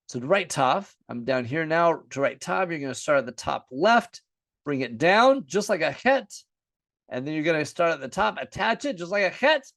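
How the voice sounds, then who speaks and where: An American man teaching the alphabet in a relaxed lesson, saying each letter name aloud again and again as he writes it. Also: a little high, no room sound, clean studio sound. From United States. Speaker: Bible and Hebrew teacher.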